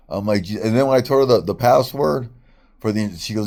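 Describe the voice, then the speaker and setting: A middle-aged American man, a vlogger, delivers a casual storytelling rant, telling a long, frustrated story in a rambling, profane way with many restarts. His mid-range voice is expressive with a darkish tone, and he talks a little fast.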